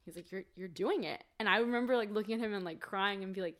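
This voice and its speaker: A fast-talking woman in her twenties, with a medium-pitched, fairly bright voice, shares a personal story as a podcast guest. The casual interview has her chatting freely, dropping "like" constantly and recreating conversations with family.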